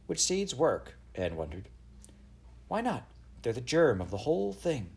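A man's voice: mid-range voice, wildly swooping pitch, normal speed, vocal fry, a little mellow, slightly rough. A man reading a children's novel aloud, expressively giving voice to each child's lines. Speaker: audiobook narrator. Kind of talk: storybook read-aloud.

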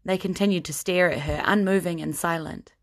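A woman's voice: fairly low pitch, steady tone, brisk. A woman narrating a fantasy story as game master in a tabletop game.

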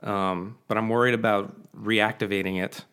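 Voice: medium pitch, fairly even intonation, moderate pace, a bit bright, clear, resonant tone. A young podcast co-host talks casually over a live stream in a mid-range voice. The delivery is laid-back, with frequent laughter and swearing. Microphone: computer mic on a live stream.

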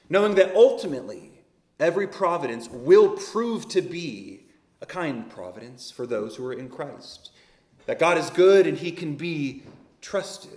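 Emphatic male preacher in an echoey room. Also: on the high side. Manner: emphatic, swelling on key words then dropping soft. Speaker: pastor. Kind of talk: sermon.

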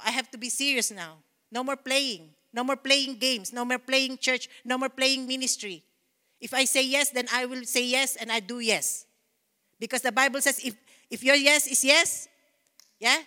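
A woman pastor preaches with fervent repetition and bursts of praise. Her voice sits high and sounds bright and forceful. A long hall reverb trails each phrase, as in a church sanctuary. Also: clear, resonant tone. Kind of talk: sermon.

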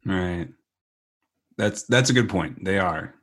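A man's voice: sits low, slow, fairly bright tone, slightly rough. A man co-hosting a podcast in casual, opinionated chat, talking emphatically with frequent restarts and acting out the people he describes. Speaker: podcast co-host.

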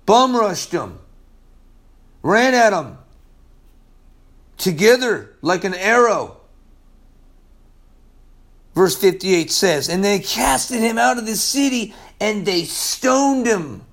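Guy preaching, high voice, slangy, goes loud then real quiet. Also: very animated, takes it slowly, long pauses. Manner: casual slangy preaching, swings from loud to hushed. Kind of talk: sermon.

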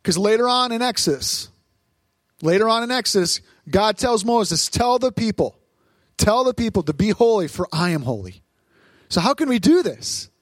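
A man, a pastor, preaching a lively sermon at a church service, asking the crowd questions and acting out voices. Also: sits high, normal speed, no room sound.

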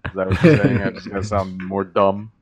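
Sweary, animated American man, low voice. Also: brisk, a crowd in the background. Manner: swears a lot, animated and joking. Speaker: podcast co-host. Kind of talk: casual podcast chat.

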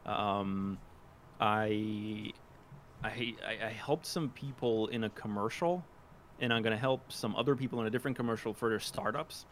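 A man's voice: lowish voice, moderate pace. Rambling man with faint background hiss. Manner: rambling, self-deprecating, many restarts and fillers. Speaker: podcast guest, aspiring voice actor. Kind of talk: casual interview chat.

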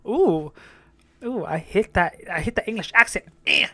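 A young woman talks her way through an episode in loose, casual reaction commentary, swearing freely and laughing at her own asides. Her voice sits at an ordinary middle pitch, and the recording is close and dry. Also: lively intonation, moderate pace, sharp tone, no echo. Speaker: reaction vlogger.

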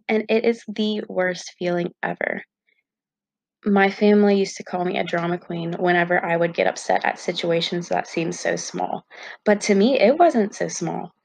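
A woman's voice: fairly low pitch, no echo. A young woman vlogging to her viewers in a candid, chatty way with lots of fillers. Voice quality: gravelly fry. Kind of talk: casual talk to camera.

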